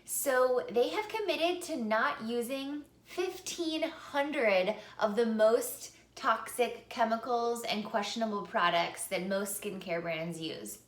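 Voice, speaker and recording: A woman's voice: fairly high pitch, slow, hardly any pauses, echoey room. A woman singing teacher giving an upbeat vocal lesson to camera, speaking and then singing short example phrases.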